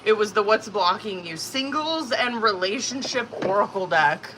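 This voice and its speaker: A woman's voice: medium pitch, lively intonation, moderate pace, background noise. A woman hosting a live tarot stream, chatting casually, swearing freely and laughing often. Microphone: phone or tablet.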